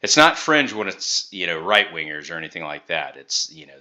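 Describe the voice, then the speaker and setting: A man with a very low voice and a sharp, tense edge to it. He comments on clips in a sarcastic, critical way, cutting in to make his point. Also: very animated, fairly quick, few pauses. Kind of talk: reaction commentary.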